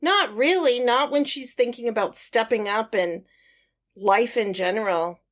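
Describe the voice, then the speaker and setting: A woman's voice: fairly high pitch, measured pace. A woman co-hosting a movie podcast in casual chat, often giving short agreeing replies and laughing along. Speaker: podcast co-host.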